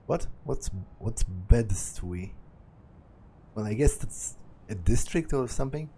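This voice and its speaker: A man's voice: medium pitch, expressive, takes it slowly, mellow, a little hiss or hum. A young man reading a visual novel aloud and commenting as he goes, thinking aloud with hesitant restarts. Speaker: let's play narrator.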